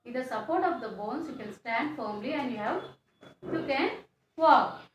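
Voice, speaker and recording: Woman teacher, high voice, slow repetitive classroom delivery, echoey room. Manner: slow, repetitive explaining with question tags. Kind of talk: classroom science lesson. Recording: echoey room, faint background noise.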